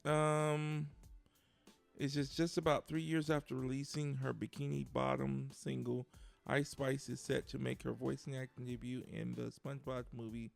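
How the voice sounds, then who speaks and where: Gravelly man reading headlines casually. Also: mid-range voice. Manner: reads headlines haltingly with many fillers. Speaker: podcast co-host. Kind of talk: casual news chat.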